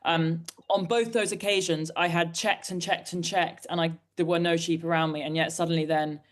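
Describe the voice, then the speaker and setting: This author guest is a woman in her forties from Britain. Her voice is lowish with fairly even intonation at a normal pace, and her conversational storytelling is candid, rambling and self-deprecating.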